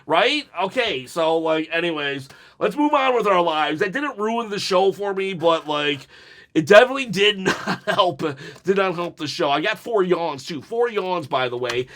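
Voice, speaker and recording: Excitable, rambling man reviewing wrestling. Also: high-pitched, moderate pace. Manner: excitable and rambling, with jokey asides and laughs. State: jittery from caffeine. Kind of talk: casual solo review talk.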